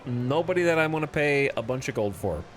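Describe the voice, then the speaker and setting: Lively man streaming a strategy game. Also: medium pitch, brisk, a little hiss or hum. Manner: reads game event text aloud with wry asides. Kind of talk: casual gameplay commentary.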